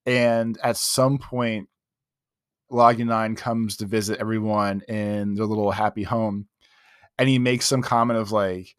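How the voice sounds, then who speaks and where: A man co-hosting a podcast, retelling scenes in a lively, casual way and swearing freely. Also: fairly low pitch, measured pace, no room sound, clean studio sound. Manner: animated storyteller, casual with swearing. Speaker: podcast co-host. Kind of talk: casual chat.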